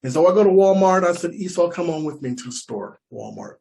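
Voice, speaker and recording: American male comic, storytelling stand-up, animated, slightly higher voice. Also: brisk, gravelly. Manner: animated, repeats lines for emphasis. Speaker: stand-up comedian.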